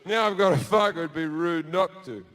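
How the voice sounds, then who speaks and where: A man telling a crude story as a stand-up comedian on a theatre stage, with deadpan asides and shouted put-on voices. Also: a little high, normal speed. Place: theatre stage before a laughing audience.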